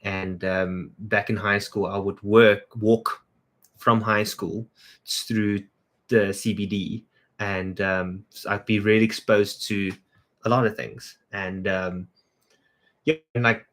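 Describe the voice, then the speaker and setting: A man from South Africa hosts a loose, chatty livestream, his voice sitting a little low. He greets viewers by name and answers their comments off the cuff, as a creative director talking between jobs. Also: flat delivery, slow pace, fairly bright tone. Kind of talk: casual livestream chat.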